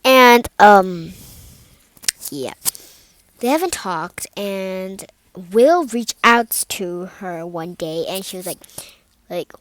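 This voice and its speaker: Young woman, slow unhurried talk, casual rambling storytelling, lots of fillers and restarts. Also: medium pitch, lively intonation, a bit bright, no echo, poor audio.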